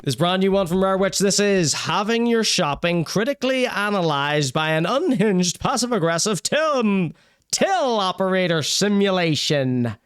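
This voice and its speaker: A man's voice: high voice, sing-song, a little slow, fairly bright tone, smooth, dry recording, clean studio sound. Upbeat male podcast host. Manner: upbeat, jokey, promotional. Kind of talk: show intro and links.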